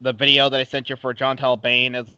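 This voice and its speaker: Bright, chatty young man, dull recording. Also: medium pitch, completely flat delivery, a little fast, smooth, no echo. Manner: casual, chatty, swears. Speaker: interviewer, host. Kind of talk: casual interview questions.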